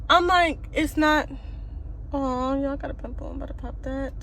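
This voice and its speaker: High-voiced woman vlogging casually. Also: a little fast, slight background noise. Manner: animated, exasperated retelling with repeated restarts. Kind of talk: casual vlog storytelling. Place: in a car and around home.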